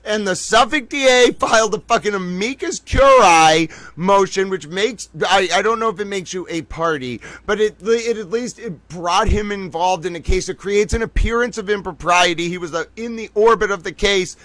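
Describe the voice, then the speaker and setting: A man hosting a late-night livestream, tired from a long day, talking in an excitable, rambling, profane way to his viewers. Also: high voice, normal speed, hardly any pauses, no echo. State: tired from being up all day. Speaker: livestream host.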